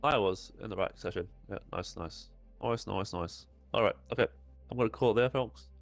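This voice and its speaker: A man's voice: lowish voice, moderate pace, vocal fry, soft background music. A man streaming a shooter game, chatting to himself and his viewers in a casual, running commentary. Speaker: gaming streamer. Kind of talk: live gameplay commentary.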